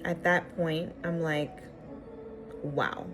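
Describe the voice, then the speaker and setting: A woman's voice: sits low, normal speed, over music. A young woman vlogger telling a personal story casually, acting out the dialogue with exasperated asides. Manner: animated, acts out the dialogue.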